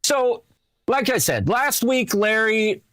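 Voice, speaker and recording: A man with a high voice chats casually as a co-host and breaks in now and then to clarify. The recording is dry and close. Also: expressive, slow, fairly bright tone, no echo. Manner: chatty, interjects to clarify. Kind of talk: casual chat.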